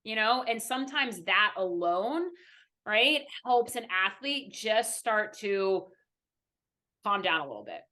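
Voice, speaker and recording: Woman, young adult, mindfulness coach, earnest and teacherly, bright tone, medium pitch. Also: lively intonation, slow. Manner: earnest, frequent "right?" tags, teacherly. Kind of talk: podcast interview, explaining.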